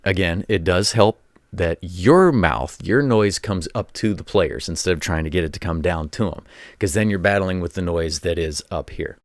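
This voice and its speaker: A man with a fairly low voice talks through sports stories in a loose, rambling way, often doubling back on his words. His voice sounds dry and close, with no room around it. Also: normal speed, no room sound. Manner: rambling, repeats words, acts out quoted voices; former college coach telling anecdotes. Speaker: show host. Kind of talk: casual commentary monologue.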